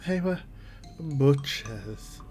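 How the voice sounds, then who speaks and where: A woman's voice: very deep voice, animated, very slow, dark tone, soft background music, exaggerated voice. A woman voicing a hunched, grinning, creepy male innkeeper in a video game who stresses words oddly and cheerfully. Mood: creepily cheerful.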